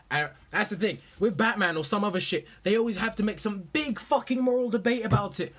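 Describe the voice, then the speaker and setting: Husky-voiced young man ranting. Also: sits high, fairly quick, hardly any pauses. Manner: profane, excitable, rambling. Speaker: movie vlogger. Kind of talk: casual ranting commentary.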